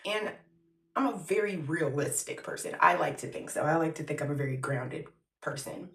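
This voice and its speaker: A woman with a bright, forceful voice talks bluntly and profanely, joking at her own expense through grief. She is recorded at home, and the room echoes around her. She stands a bit away from the mic. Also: low-pitched, animated, normal speed, far from the mic. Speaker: vlogger. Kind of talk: candid personal vlog. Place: her home, moving between rooms. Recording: roomy echo, off from the mic.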